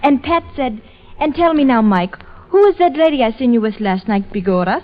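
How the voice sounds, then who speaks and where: A high-voiced woman tells a joke with eager, chirpy energy on a vintage radio comedy show, her pitch bouncing about. The recording is dull and lo-fi, like an old 1930s broadcast. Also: animated, normal speed. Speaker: singer and comic guest.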